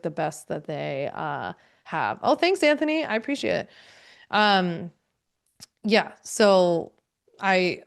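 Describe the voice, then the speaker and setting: A woman's voice: medium pitch, clear, resonant tone. Chatty woman hosting a live stream. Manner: chatty and upbeat, with many fillers and laughs. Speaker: host of a live online training. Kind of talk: casual live-stream chat, answering viewers.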